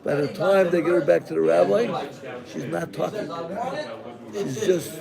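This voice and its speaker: A rabbi narrates a dramatic tale to his class, slow and deliberate with a high, gravelly voice. Listeners murmur around him in the room. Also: over a noisy crowd. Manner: animated, acts out the characters. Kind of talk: dramatic storytelling in a lesson.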